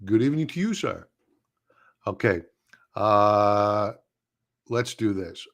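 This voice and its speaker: A man's voice: fairly low pitch, expressive, takes it slowly, a bit bright. Blunt man hosting a live trading stream. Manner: blunt, scoffing, repeats points for emphasis. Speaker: livestream stock trading host. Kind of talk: casual live market commentary.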